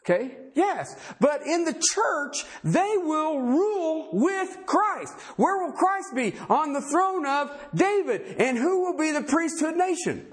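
High-voiced, lively preaching man. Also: takes it slowly, hardly any pauses. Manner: rhetorical questions to the congregation; emphatic, conversational. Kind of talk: sermon.

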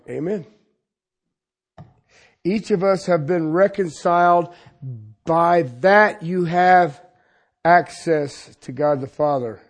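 Speaking right to his listeners, a man preaches with homespun humor, moving back and forth between booming outbursts and soft, confiding remarks. His voice leans on the high side.

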